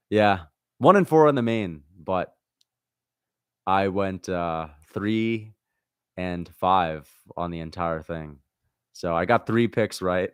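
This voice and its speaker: Man, livestream host, lowish voice, dry close sound, casual chat, swears a lot, frustrated outbursts and muttering. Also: animated, takes it slowly, pauses often, smooth, no echo. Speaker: livestream host reacting to fights.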